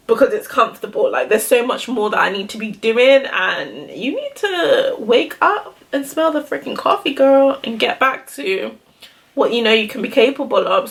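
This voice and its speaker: This is a casual get-ready-with-me clip from a young female beauty vlogger, who rambles on camera and keeps saying "like." Her pitch is fairly high and her tone fairly bright.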